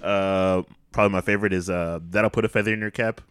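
A man's voice: low-pitched, steady tone, fast talker, clear, resonant tone, no echo. A man chatting casually on a comedy podcast, with dry, laid-back asides.

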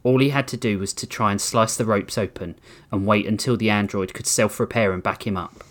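A man hosting a podcast, reading a story aloud to his co-hosts in an animated way. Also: fairly low pitch, fairly quick. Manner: animated, laughs mid-read. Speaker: podcast host and story reader.

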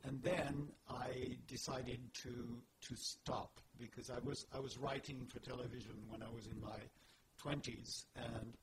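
A man, a theater director guest telling his story in a measured, steady way in a casual interview. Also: medium pitch. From France. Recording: loud background hiss.

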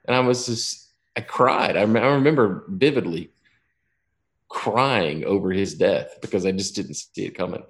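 Very deep-voiced rambling man in his fifties. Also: animated, moderate pace. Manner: rambling storyteller, profane, self-interrupting. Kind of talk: casual chat.

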